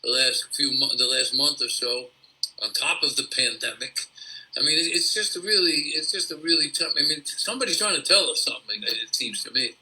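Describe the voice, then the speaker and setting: A man speaking as a guest in an online interview, halting and searching for words. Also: medium pitch, pushed and bright, rough recording.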